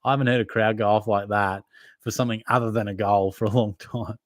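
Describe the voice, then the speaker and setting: A man's voice: on the low side, steady tone, fast talker, dry recording. A man with an Australian accent hosting a live Q&A, reading out viewer questions and answering them in a casual, matey way. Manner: casual, matey, conversational, hedging fillers. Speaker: fantasy football podcast host.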